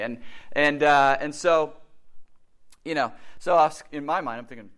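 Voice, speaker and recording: A middle-aged man with a voice on the high side preaches a sermon at a moderate pace. He tells stories in an animated way and acts out the quotes.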